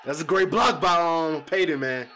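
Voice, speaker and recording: A man with a fairly high voice hosts a casual basketball reaction video at normal speed. He's excitable and slangy, blurts out swears, and speaks straight to his viewers.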